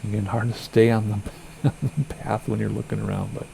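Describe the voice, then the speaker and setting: A man streaming a flight simulator, chatting casually and rambling, with a slightly hoarse voice. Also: lowish voice, level tone, moderate pace, warm tone, a little hiss or hum. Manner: chatty, rambling, self-correcting. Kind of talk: casual gameplay commentary.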